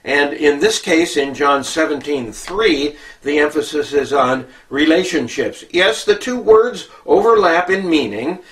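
Slow, halting preacher man, distant mic. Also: fairly high pitch, fairly bright tone. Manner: slow, halting, many filler "uh"s. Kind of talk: Bible teaching sermon.

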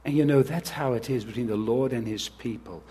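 A man's voice: mid-range voice, a little fast, mellow, husky. A man preaching an earnest sermon as pastor, reading scripture and speaking directly to the children.

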